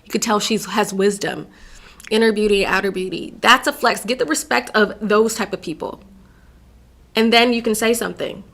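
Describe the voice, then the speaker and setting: A woman's voice: medium pitch, normal speed, vocal fry, a bit bright. Sassy, emphatic woman podcast host. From Virginia, USA. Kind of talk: solo podcast commentary.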